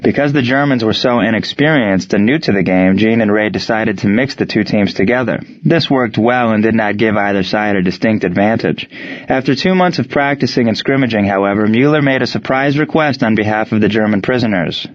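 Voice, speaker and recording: A man narrating a story in even, steady scripted narration. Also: lowish voice, a little fast, dry recording. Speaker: audiobook narrator. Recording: dry, dull lo-fi sound.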